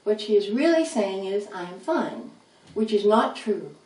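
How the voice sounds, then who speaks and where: A woman's voice: medium pitch, animated, measured pace, darkish tone, natural voice. A woman reading as a blunt little chipmunk. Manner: blunt, matter-of-fact. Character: blunt literal-minded young female chipmunk. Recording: roomy, distant, faint noise.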